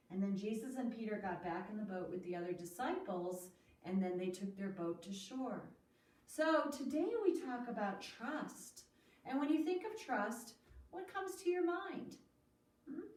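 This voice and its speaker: A woman telling a children's Bible story with a felt board, in an animated sing-song way that asks the children questions. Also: high-pitched. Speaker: children's storyteller at a church school. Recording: echoey room, far from mic.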